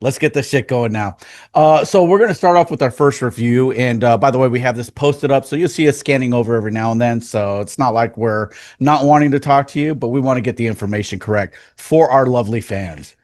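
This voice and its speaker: A man's voice: mid-range voice, fairly quick, a little mellow, no echo. Dry-sounding joking male podcaster. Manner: joking, crude, reads aloud. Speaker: podcast co-host reading reviews. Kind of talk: casual joking chat.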